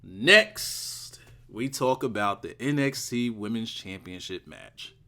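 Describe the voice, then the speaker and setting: A man giving a casual solo video review of a wrestling show, excitable and rambling, repeating words for emphasis. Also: lowish voice, slow.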